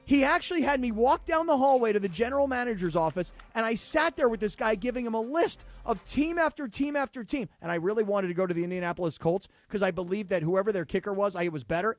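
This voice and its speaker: A man's voice: high-pitched, no room sound. A man in his fifties co-hosting a sports radio show, telling stories in casual talk and acting out the voices of people he quotes. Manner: animated storyteller acting out quotes.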